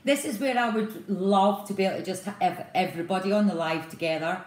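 A woman's voice: medium pitch, brisk, a little mellow. A Scottish woman co-hosting a casual live chat, playful and teasing, laughing often. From Scotland. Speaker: co-host of a livestream. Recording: echoey room.

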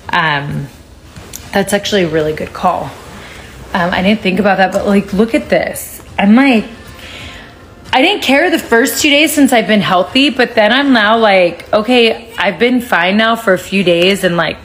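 A woman in her thirties hosts a casual phone livestream from home, her medium-pitched voice a bit bright. She switches to a sing-song baby voice when speaking to her toddler.

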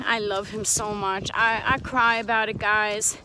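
A woman with a New York accent films a candid personal vlog on a handheld phone while out walking with her child. She talks to viewers directly, earnest and confiding, at medium pitch with a flat delivery and measured pace against a noisy background.

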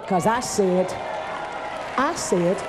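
At a live camp meeting in a large church, a woman preacher with a mid-range voice delivers a fervent sermon in a repetitive cadence, speaking very slowly with lively intonation. Crowd noise is audible, and the reverberant hall carries faint background noise.

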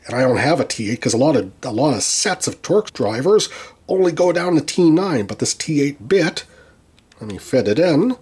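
A man's voice: medium pitch, very animated, moderate pace, a little mellow, husky. A man narrating a tool teardown with dry, wry humor and frequent restarts. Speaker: tool reviewer.

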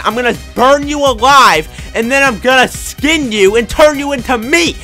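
A young man giving live gameplay commentary, excitable and quick to rage and yell at other players. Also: very high-pitched, faint music behind. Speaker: gaming YouTuber.

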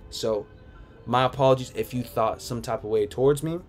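Chill guy on a home livestream reading out chat and rambling back, soft music in the background. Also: medium pitch, moderate pace. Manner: laid-back, rambling, shouts out viewers. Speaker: sneaker livestream host. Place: home room.

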